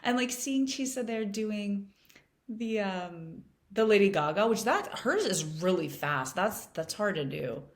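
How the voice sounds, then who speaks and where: Bubbly chatty woman with lively pitch. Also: measured pace. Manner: bubbly, chatty, laughs often, gets emotional. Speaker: reaction video host. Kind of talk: casual reaction commentary. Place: echoey room.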